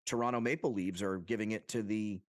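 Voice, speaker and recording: Male podcast co-host from Long Island, New York. Excitable rambler with casual swearing, lower voice. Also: fairly quick, dry recording, studio quality. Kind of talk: casual chat.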